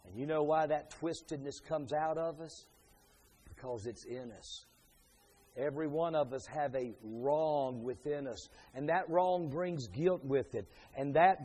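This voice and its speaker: A man's voice: fairly high pitch, slightly rough. Emphatic man preaching a sermon. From Pennsylvania, USA. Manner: preaching with big swings from hushed asides to loud emphatic peaks. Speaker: pastor.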